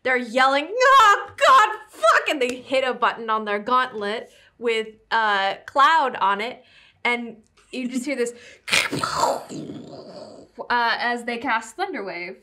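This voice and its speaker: Bright, excitable woman player. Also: on the high side, unhurried. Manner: excitable, swears and laughs. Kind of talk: tabletop game play.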